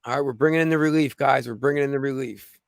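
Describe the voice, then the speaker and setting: A slightly hoarse man with a gravelly voice hosting a casual livestream, rambling with lots of fillers and restarts. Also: mid-range voice, steady tone, fast talker, dry recording. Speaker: livestream host.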